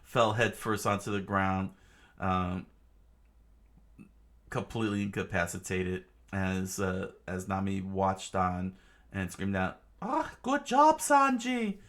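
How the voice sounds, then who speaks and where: A man casually reading a comic aloud as narrator, halting often with fillers and restarts. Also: sits low, completely flat delivery, a bit bright. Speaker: comic reader.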